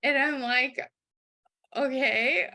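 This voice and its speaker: A woman's voice: high voice, extremely slow. A woman guest telling a personal story in a casual interview, acting out the voices of the people in it. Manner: animated, acts out quoted dialogue.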